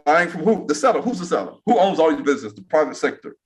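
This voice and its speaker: A man's voice: on the high side, very animated, quick pace. An American man, a guest in an interview, telling a story in an emphatic, repetitive way and asking rhetorical questions. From United States. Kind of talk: animated storytelling in conversation.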